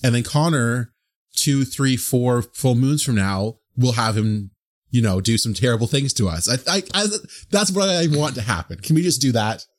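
A man chatting casually as a player in a tabletop game, telling stories in a rambling, animated way. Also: mid-range voice, moderate pace.

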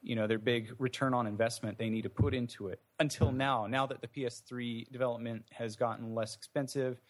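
A man's voice: mid-range voice, fairly even intonation, fairly quick. A man, an indie game developer, answering interview questions in a thoughtful, meandering way with many fillers and restarts.

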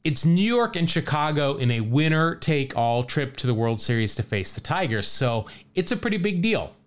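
A man hosting a podcast, telling a story in casual chat, animated and laughing often as he reads out quotes. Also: on the high side, normal speed. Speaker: podcast host.

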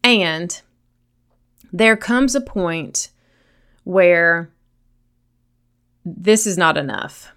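A woman's voice: on the low side, expressive, very slow, long pauses, a bit bright. A woman with a Southern accent hosting a solo podcast, speaking earnestly and encouragingly straight to her listeners. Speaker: podcast host.

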